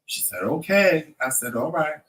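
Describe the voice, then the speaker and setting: A man's voice: a little high, normal speed, distant mic, rough recording. A man in his fifties hosting a vlog, telling a story casually and acting out the other people's lines as he goes. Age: 50s. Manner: animated storyteller who acts out quoted dialogue. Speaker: vlog host.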